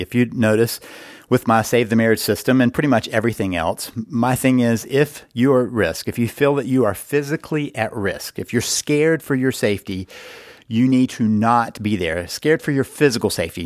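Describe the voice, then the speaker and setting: An earnest middle-aged man talks through relationship advice at a measured, explanatory pace. His voice sits at an ordinary middle pitch. The sound is close and dry. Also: dry recording. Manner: earnest, explanatory, repeats words for emphasis. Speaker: podcast host and marriage coach. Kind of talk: advice podcast monologue.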